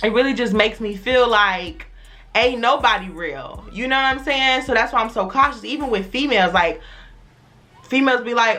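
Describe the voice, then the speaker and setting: A young woman from the Chicago area telling a personal story on her vlog in casual slang, acting out the other people in a lowered voice. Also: moderate pace, sharp tone. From Chicago area, USA.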